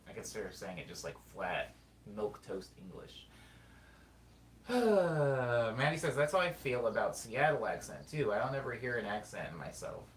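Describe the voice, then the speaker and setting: A man from California with a Californian accent, chatting casually as a streamer, thinking aloud and reading chat in a rambling, drawn-out way. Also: mid-range voice, fairly bright tone. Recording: roomy sound, mic at a distance, faint background noise.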